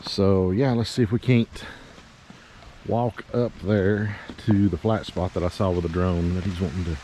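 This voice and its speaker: Outdoors on wooded riverside land, a real estate agent records a walking property tour vlog in a low, mellow voice with fairly even intonation, talking a little slowly. He has a cold, so he sniffles and gets winded on the climbs, and his casual, folksy talk rambles with fillers. A little hiss or hum is audible.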